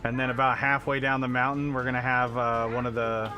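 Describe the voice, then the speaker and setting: A man's voice: mid-range voice, completely flat delivery, fairly quick, music in the background. A man streaming a game live, giving casual commentary in an offhand way and swearing freely.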